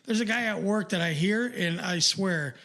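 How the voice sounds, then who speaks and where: A man's voice: high voice, moderate pace, fairly bright tone. An older man co-hosting a podcast, chatting casually and rambling with lots of fillers and restarts. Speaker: podcast co-host.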